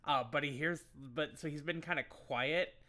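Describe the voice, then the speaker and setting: Animated player telling their turn. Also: mid-range voice, moderate pace. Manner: animated, laughing storytelling. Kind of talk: casual tabletop game chat.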